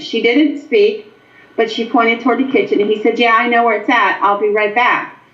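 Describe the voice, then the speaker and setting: A woman from Pennsylvania, a paranormal investigator, telling stories as an interview guest in an animated way with frequent ums. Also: fairly high pitch. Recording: echoey, dull lo-fi sound.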